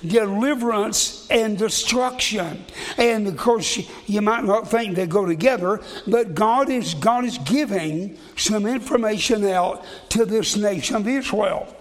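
A man with a notably high voice preaches a sermon, reading scripture aloud. His talk is folksy, circling back and repeating words as he goes. His voice rings out with a long reverb, as in a large hall. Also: measured pace.

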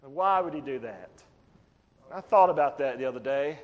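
A man preaching as a pastor, impassioned, breaking into shouts to drive points home. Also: mid-range voice, animated, normal speed, long reverb tail. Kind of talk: sermon.

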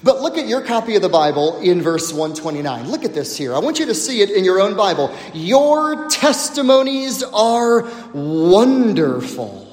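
A man, a pastor preaching a sermon, who speaks emphatically with slow, dramatic pauses and drops to a low hush on key words. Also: big pitch swings. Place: church sanctuary. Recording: echoey hall with long reverb.

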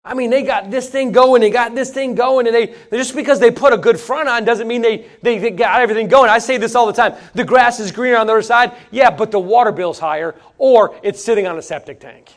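A man preaching a sermon in an animated, emphatic, folksy way, with repeated phrases and sudden swings between loud and soft. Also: extremely high pitch, a little fast, hardly any pauses.

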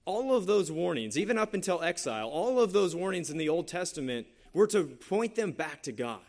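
A man preaching a sermon in a slightly higher voice than most men. He talks earnestly and conversationally, repeating phrases as he works through scripture and a personal story. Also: big pitch swings, fairly quick, darkish tone. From San Jose Bay Area, California. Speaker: pastor.

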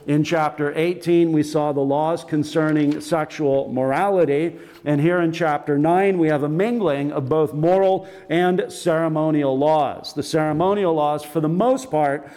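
A man delivering a sermon, his voice sitting a little high for a man yet mellow and warm in tone. He teaches in a measured, orderly way and reads scripture aloud steadily. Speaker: pastor.

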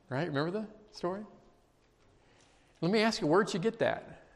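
A man preaching a sermon, emphatic and emotional, dropping to quiet intense passages. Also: high-pitched, lively intonation, normal speed, creaky. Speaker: pastor. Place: church sanctuary. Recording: long reverb of a large hall.

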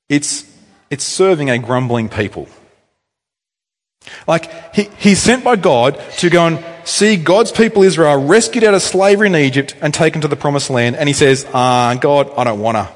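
A male pastor preaching a sermon in a church, telling stories in a chatty, animated way with offhand asides. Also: fairly high pitch. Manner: animated storytelling, conversational asides. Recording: echoey hall reverb.

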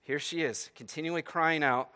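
Male pastor, slightly high, bright tone, animated sermon delivery with acted-out pleas. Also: normal speed. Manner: animated, acts out pleading voices, frequent "right?".

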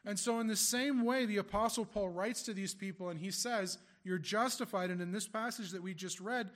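A male pastor delivering a sermon in a fairly high voice. He talks conversationally, reading scripture and then putting rhetorical questions to his listeners. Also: moderate pace, fairly bright tone.

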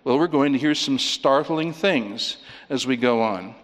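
A man's voice: mid-range voice, measured pace. Preacher man in an echoing church hall. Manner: animated, outline-driven, acts out quoted pleas loudly. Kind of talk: expository sermon. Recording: long reverb of a church hall.

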